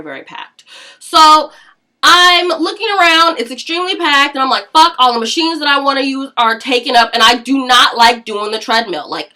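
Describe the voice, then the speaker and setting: A woman's voice: high voice, sharp tone. A young woman in her twenties ranting casually in a vlog, blunt and swearing freely, with laughing asides. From Seattle area, US. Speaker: vlogger.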